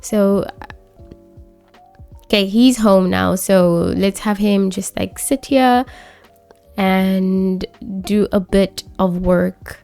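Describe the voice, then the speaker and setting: A woman casually narrating her life-sim gameplay, chatty and full of fillers. Her voice is mellow and warm with a steady gravelly fry. Faint music runs behind her. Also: mid-range voice, drawn-out words, pauses often. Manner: chatty, filler-heavy, narrating and voicing characters. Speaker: let's play host. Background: faint background music.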